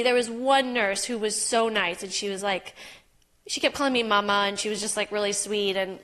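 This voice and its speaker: A woman's voice: medium pitch, moderate pace, fairly bright tone. Young adult woman guest, open and earnest, telling her story in a loose, filler-heavy way. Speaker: podcast guest. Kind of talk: personal story in casual interview.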